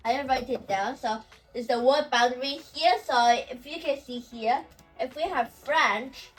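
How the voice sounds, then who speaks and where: A woman's voice: high voice, faint music behind. Woman going over pronunciation, says each word a bunch of times, sounds far from the mic. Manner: slow and repetitive, saying example words over and over. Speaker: language teacher. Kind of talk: explaining pronunciation.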